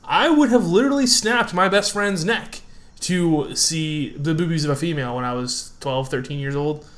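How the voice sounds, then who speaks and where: Podcast co-host, male, slightly high voice, crude jokester. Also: normal speed. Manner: crude, joking, animated. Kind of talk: casual chat.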